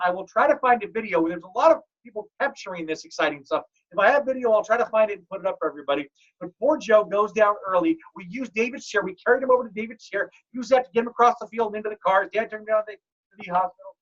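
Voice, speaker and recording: A man hosting a fantasy football league podcast, telling stories in a joking, animated way. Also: sits high, quick pace. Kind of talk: casual podcast chat. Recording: dull lo-fi audio.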